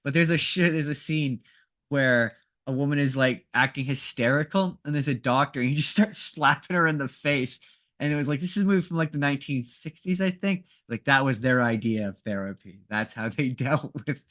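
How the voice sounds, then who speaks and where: A man's voice: mid-range voice, a little fast, fairly bright tone. A man co-hosting a podcast, talking casually and rambling with frequent restarts. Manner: rambling, many restarts and laughs. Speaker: podcast co-host. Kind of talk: casual chat.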